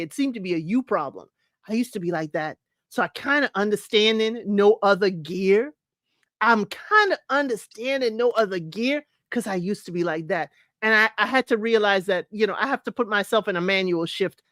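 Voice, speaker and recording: A woman with a mid-range, fairly bright voice hosts a live recap of a dating show, greeting chat viewers and offering chatty opinions punctuated by laughter and repeated points for emphasis. The sound is clean studio audio without any room reverb.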